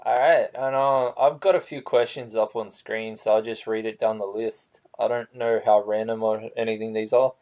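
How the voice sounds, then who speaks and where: A man's voice: fairly low pitch, steady tone, normal speed, few pauses, darkish tone. A man hosting a casual interview, asking questions in a loose, joking way with crude asides. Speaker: interviewer, channel host.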